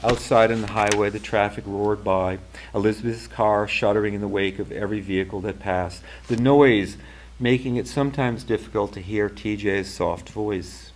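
An author reading a passage from his novel in a measured, even way. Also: lowish voice, slight background noise, low-quality recording. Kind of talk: literary fiction reading.

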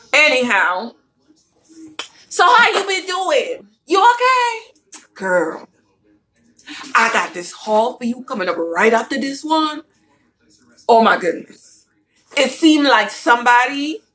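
A woman's voice: on the high side, expressive, unhurried, pauses often, fairly bright tone, rough recording. A woman vlogger chatting casually and playfully to her viewers while showing a shopping haul.

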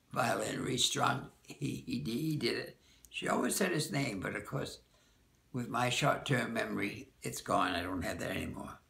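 Gravelly older man, rambling memories. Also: mid-range voice, sharp tone, reverberant. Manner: rambling, self-correcting, halting recall. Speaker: dance teacher. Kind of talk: oral-history reminiscence.

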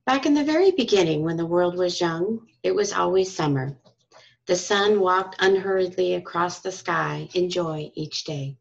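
A woman reading a storybook aloud to school children and parents, in a calm, expressive storytelling manner. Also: on the low side, normal speed, gravelly. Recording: dull lo-fi recording.

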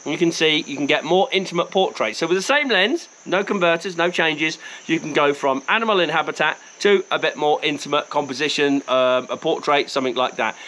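A man's voice: on the high side, brisk, pushed and bright, slight background noise, rough recording. A man with a Cockney accent, a wildlife photographer talking casually and enthusiastically to camera outdoors, joking at his own expense. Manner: enthusiastic, chatty, self-mocking. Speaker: wildlife photographer reviewing gear. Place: outdoors in the bush.

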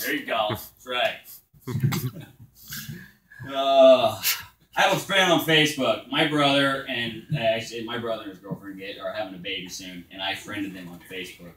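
A man doing crude open-mic stand-up at a bar, telling stories loosely and shouting his punchlines. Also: on the low side, normal speed, roomy sound, a little hiss or hum, low-quality recording. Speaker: stand-up comedian. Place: small bar stage.

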